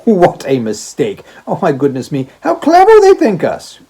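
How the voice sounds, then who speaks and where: A man's voice: on the high side, wildly swooping pitch, measured pace, warm tone, breathy edge, voice pushed up, heavily acted, low-quality recording. A man voicing a playful young working-class daughter in an audiobook, teasing and bubbly. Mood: cheerful. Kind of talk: audiobook reading.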